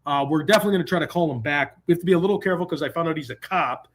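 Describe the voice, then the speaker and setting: A man's voice: fairly high pitch, racing. A man hosting a live call-in stream from a hotel room, talking casually and rambling between jokes. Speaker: host.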